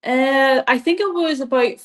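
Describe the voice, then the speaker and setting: A woman's voice: high-pitched, moderate pace. A young woman with an Irish accent, a guest chatting casually in an interview, rambling with lots of "like" and frequent laughs. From Ireland. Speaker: guest athlete.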